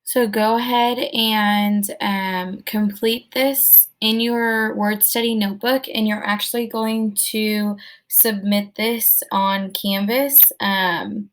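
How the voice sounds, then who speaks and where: A woman teacher giving her class casual instructions in a relaxed way, with many ums. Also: medium pitch, slow pace.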